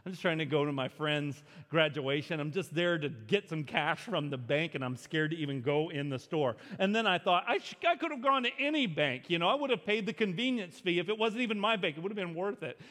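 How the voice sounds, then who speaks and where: A man's voice: on the high side, fairly quick, hardly any pauses, bright, forceful tone. A man from Arkansas preaching a sermon, telling a personal story in a conversational, self-deprecating way with frequent fillers. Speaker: pastor. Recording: long reverb of a big hall.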